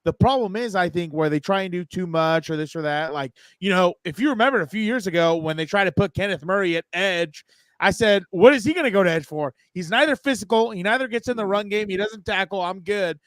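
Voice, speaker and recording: A man co-hosting a casual sports podcast over a video call, loud, profane and fired up. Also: high-pitched, expressive, brisk, dry recording, studio quality. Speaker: podcast co-host.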